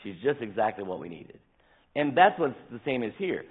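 Man preaching, husky tiring voice, animated, tinny lo-fi church recording. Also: mid-range voice, normal speed. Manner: animated preaching, acts out scripture quotes. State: voice tiring, dry throat. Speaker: pastor. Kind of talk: sermon. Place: church sanctuary.

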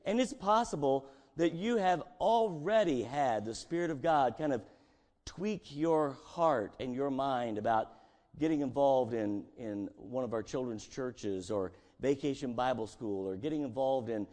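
A man's voice: medium pitch, measured pace, a little mellow. A male pastor preaching a conversational sermon and acting out scripture dialogue, in a church sanctuary.

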